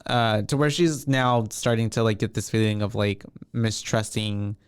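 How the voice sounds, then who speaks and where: A man co-hosting a podcast, recapping a horror film in a relaxed, rambling way with many fillers. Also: on the low side, normal speed, clear, resonant tone, no echo, clean studio sound. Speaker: podcast co-host. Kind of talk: casual film recap chat.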